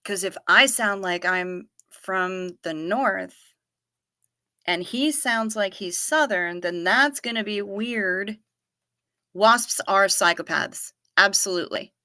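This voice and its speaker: A woman's voice: mid-range voice, takes it slowly, sharp tone, no echo, clean studio sound. A woman hosting a casual livestream, chatting and answering viewer comments in a rambling, profane way full of stammered restarts. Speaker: livestream host. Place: home, livestream without camera.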